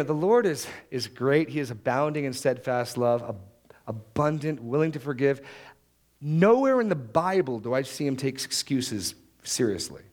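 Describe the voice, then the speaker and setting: Animated male preacher. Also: medium pitch. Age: adult, married. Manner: lively preaching, acts out quoted prayers and excuses. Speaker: pastor. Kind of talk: sermon.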